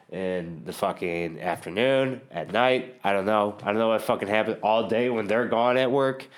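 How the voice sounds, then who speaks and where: Casting: man, casual rambling monologue, profane and sardonic, mid pitch.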